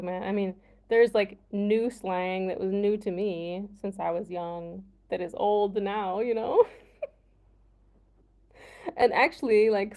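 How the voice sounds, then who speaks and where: A woman's voice: medium pitch, gravelly, mellow. A young American woman from the Midwest with a Midwestern accent, chatting casually with viewers on a livestream, laughing often and saying "like" a lot. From United States, Midwest. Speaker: livestream host.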